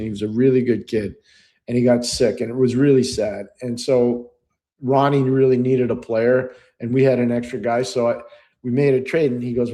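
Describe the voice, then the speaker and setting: A middle-aged man co-hosting a podcast tells anecdotes in a lively way during casual chat, laughing often. Speaking in a mid-range voice, he acts out the voices of the people in his stories.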